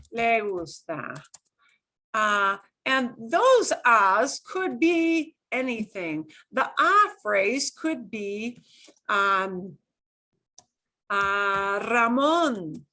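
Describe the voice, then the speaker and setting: A middle-aged woman teaching a beginner Spanish class, modeling phrases slowly and clearly while explaining in English. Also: on the high side, lively intonation, bright, forceful tone. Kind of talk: beginner language lesson.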